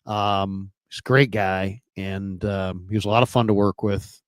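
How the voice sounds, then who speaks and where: A man in his fifties, a radio veteran, talking casually and hesitantly with many pauses. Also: low voice, fairly even intonation, dry recording. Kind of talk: casual talk show chat.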